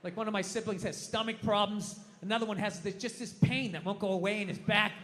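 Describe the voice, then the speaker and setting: A man doing a stand-up comedy set, ranting loudly with heavy swearing and shouted impressions. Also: sits high, steady tone, fast talker, in a large hall, a little hiss or hum. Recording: live club with audience laughter. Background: crowd laughing.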